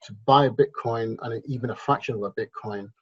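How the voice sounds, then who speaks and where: A man's voice: medium pitch, moderate pace, husky. A man, hosting a crypto investment channel and explaining charts in a rambling way, often repeating and correcting himself. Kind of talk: casual explainer at a drawing board. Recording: muffled lo-fi sound.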